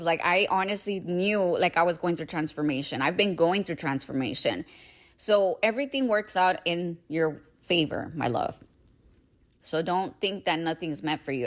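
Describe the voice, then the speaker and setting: Woman podcast host, young adult, lowish pitch, emphatic casual motivational talk, swears freely.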